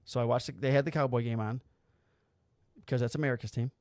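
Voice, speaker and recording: Animated swearing storyteller man. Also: mid-range voice, fast, dry recording, studio quality. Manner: animated storyteller, acts out quotes, swears freely. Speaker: podcast host. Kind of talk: casual chat.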